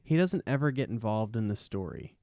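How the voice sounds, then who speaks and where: A man's voice: on the low side, big pitch swings, a little fast, gravelly, warm tone, dry recording, clean studio sound. A man co-hosting a casual film podcast, rambling through his thoughts with lots of "you know". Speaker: podcast co-host.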